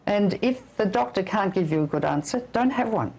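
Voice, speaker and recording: A woman's voice: medium pitch, lively intonation, moderate pace, darkish tone, poor audio. An older woman physician giving an interview, talking emphatically and issuing blunt warnings. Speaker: physician and anti-nuclear campaigner. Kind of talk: interview guest.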